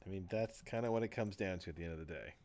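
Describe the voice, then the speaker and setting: A man co-hosting a podcast, chatting casually with quick, laid-back reactions. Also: low voice, darkish tone. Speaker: podcast co-host.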